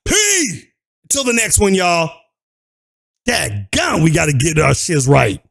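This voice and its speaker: A man's voice: a little high, huge pitch swings, takes it slowly, gravelly. A man giving a heated, slang-filled video commentary and lecturing his viewers. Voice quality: forceful, preachy rant with slang. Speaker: YouTube commentator. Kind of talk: ranting commentary.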